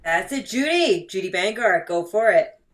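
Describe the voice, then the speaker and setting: A woman emceeing an online improv show, briskly and cheerfully cueing the next speaker. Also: mid-range voice, lively intonation. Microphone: video call.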